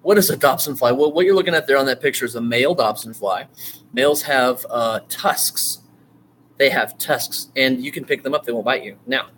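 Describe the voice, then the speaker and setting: A man teaching an online writing course in a loose, rambling way, full of fillers and restarts, now and then bursting into eager excitement. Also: mid-range voice, a little hiss or hum. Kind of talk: casual screen-share lecture.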